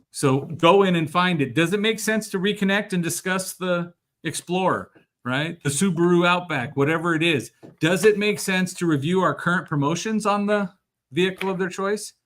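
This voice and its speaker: A man hosts a live sales-training show, and his voice sits a little high for a man. He talks with energy and acts out the dialogue he quotes. He laughs often between points. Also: normal speed, fairly bright tone.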